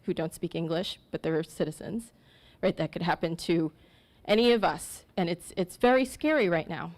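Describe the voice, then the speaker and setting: A young woman from New Jersey giving an emotional, earnest candidate speech at a forum, with fillers and restarts. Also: mid-range voice. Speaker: congressional candidate. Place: event room with food.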